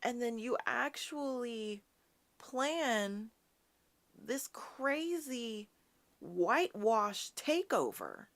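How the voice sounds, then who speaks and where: Slow-talking impassioned woman host. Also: on the high side, big pitch swings, a bit bright. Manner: impassioned, ranting, addresses audience as y'all; quotes and mocks opponents in a sassy tone. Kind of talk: live political talk show.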